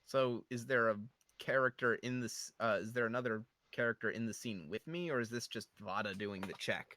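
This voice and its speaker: A man's voice: medium pitch, fairly quick, bright, forceful tone. A man playing an online tabletop game, thinking aloud in a casual, musing way. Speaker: player.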